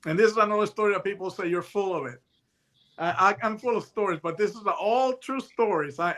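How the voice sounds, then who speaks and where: A man in his sixties spins a yarn as a guest, his voice sitting high for a man. The tone is bright and forceful. He tells it casually and throws himself into the other people's voices in his stories. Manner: animated storyteller who acts out voices in his tales. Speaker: guest, retired hostage negotiator. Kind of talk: casual anecdotal storytelling.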